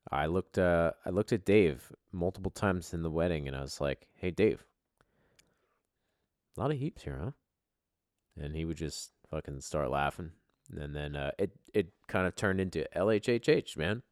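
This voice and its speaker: A man with a very low voice hosting a podcast, bantering in a loose, profane way. His pitch swings widely as he gets excited and shouts. The sound is dry and close, with no room around it. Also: moderate pace, dry recording. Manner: excitable, swearing, jumps in volume. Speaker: podcast host.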